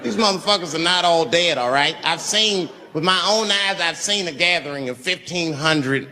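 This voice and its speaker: A man performing a stand-up comedy routine on a live stage, telling stories with big swings in pitch and volume. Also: moderate pace, bright, forceful tone, in a large hall.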